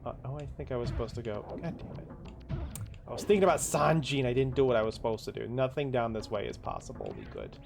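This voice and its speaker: Over music, a gaming streamer gives casual let's-play commentary, muttering directions to himself and breaking into sudden surprised exclamations. His medium-pitched voice is creaky and very animated, moving at a quick pace.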